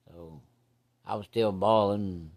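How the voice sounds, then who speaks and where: A man's voice: lowish voice, slow. A man telling a rambling, plainspoken story from his childhood in casual, salty farm slang.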